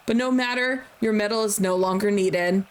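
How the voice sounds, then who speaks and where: A woman reading out the lines of a stern, proud aging king from a game, in a flat reading voice close to her own. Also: mid-range voice, normal speed, natural voice. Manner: flat reading of on-screen dialogue.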